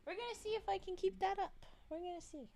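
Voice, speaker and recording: A woman's voice: very high voice, quick pace, creaky, noisy background. A woman streamer chatting casually with her viewers, giggly and chatty. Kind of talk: casual livestream chat.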